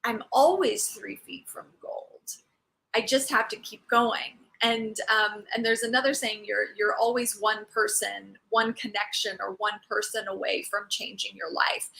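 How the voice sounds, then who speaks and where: Woman rambling thru a personal story, lots of ums n restarts, kinda high voice with some fry. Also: fairly even intonation, unhurried, bright, forceful tone, low-quality recording. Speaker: host sharing a personal story. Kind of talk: casual reflective storytelling.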